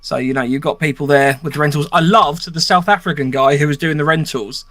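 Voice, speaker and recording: A man with a higher, bright and forward voice talks on a podcast. He tells his story in a measured way, full of ums, with a dry close sound. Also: steady tone, no room sound. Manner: measured, recounting with filler ums. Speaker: podcast co-host. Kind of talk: casual podcast chat.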